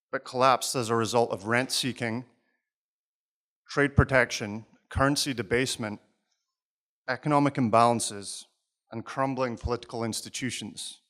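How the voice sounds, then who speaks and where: A man's voice: mid-range voice, fairly bright tone. Formal Scottish man introducing a speaker. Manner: measured, formal. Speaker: event host introducing the speaker. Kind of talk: read introduction. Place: hotel event room.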